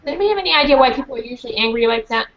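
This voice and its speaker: Woman reading aloud to kids, fairly high, very animated delivery; muffled lo-fi audio with light hiss. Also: very fast. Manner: animated, acts out voices in the story. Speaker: author reading to a class. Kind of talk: reading a storybook aloud to children. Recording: dull lo-fi call audio with faint hiss.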